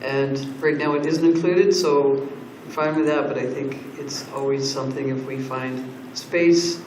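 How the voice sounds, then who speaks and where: A man on council speaking earnestly in a budget meeting, with halting restarts as he works out his point. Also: mid-range voice, fairly even intonation, darkish tone, far from the mic, slight background noise. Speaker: council member. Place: council chamber. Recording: roomy council chamber mic.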